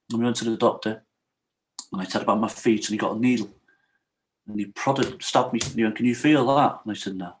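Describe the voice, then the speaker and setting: A man's voice: mid-range voice, a little hiss or hum. Middle-aged guy on a podcast, frank and emotional, keeps saying you know what i mean. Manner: frank and emotional, retells what others said to him. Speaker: podcast guest. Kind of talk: candid personal storytelling in an interview.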